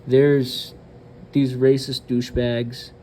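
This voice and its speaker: This man hosts his channel with profane, blunt ranting, his remarks separated by hesitant fillers. He speaks slowly in a dark, mid-range voice with little pitch movement. There's a little hiss or hum.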